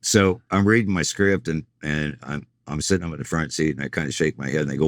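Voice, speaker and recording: A middle-aged man with a very deep voice tells road stories at a relaxed, rambling pace. He slips into quoted lines as he goes. The sound is close and dry. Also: quick pace, few pauses, no echo. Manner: rambling anecdotal storyteller, acts out quoted lines. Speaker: tour manager and guest. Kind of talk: casual storytelling interview.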